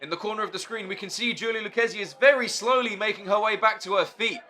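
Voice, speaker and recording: A man calling a wrestling match play by play, excitable and shouting at the big moves. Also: sits high, fast talker. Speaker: wrestling commentator. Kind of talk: play-by-play commentary.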